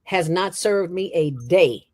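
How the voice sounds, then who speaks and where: A middle-aged woman, a former radio host and founder, talking as an interview guest in an animated, emphatic and playful way. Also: lowish voice. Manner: fast talker from years on radio. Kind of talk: casual interview chat.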